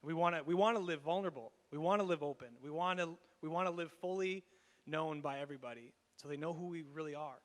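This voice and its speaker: A fairly high-voiced Canadian man preaches in a church sanctuary, his words lingering in a long reverb. As a pastor giving a storytelling sermon, he speaks with animation, breaking into laughs and rapid restarts.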